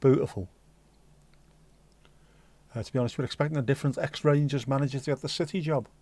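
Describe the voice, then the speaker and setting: A man's voice: medium pitch, steady tone, darkish tone, dry recording. Jokey middle-aged Liverpool man. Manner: jokey, rambling, quick asides. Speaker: livestream host. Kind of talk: casual chat to a live chat audience.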